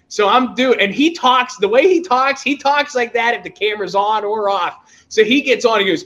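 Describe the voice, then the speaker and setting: A man who hosts a toy-hunting show, chatting casually and telling excitable, animated stories with laughs. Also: very high voice, a little fast, hardly any pauses. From Pennsylvania, USA. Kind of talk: casual chat.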